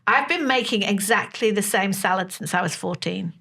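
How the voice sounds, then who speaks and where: A woman, co-hosting a casual chat podcast in a lively, laugh-prone way. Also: mid-range voice, moderate pace, gravelly. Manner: chatty and animated, laughing often. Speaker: podcast co-host.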